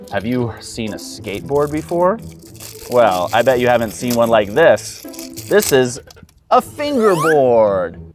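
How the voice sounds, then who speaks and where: Lively kids' show host man. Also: mid-range voice. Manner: excited, exaggerated, speaks to young viewers. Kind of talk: upbeat kids' educational presenting.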